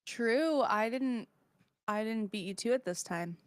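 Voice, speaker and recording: A woman's voice: on the high side, unhurried, smooth, dry recording. A woman co-hosting a podcast, mostly giving short laid-back replies with some dry joking. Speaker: podcast co-host. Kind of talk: casual chat.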